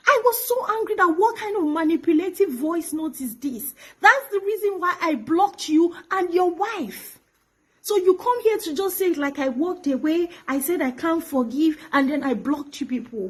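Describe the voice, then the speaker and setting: Young Nigerian woman, high voice, emotional direct-to-camera message, accusatory with whispered asides. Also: animated, moderate pace, rough recording. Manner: pleading and accusatory, drops to whispers. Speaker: actress addressing her former pastor. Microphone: phone camera.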